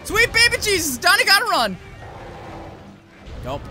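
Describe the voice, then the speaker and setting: A man giving profane, excitable commentary while playing a video game, yelling at the monsters. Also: high voice, normal speed, long pauses. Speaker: let's play gamer. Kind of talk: gameplay commentary. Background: game music.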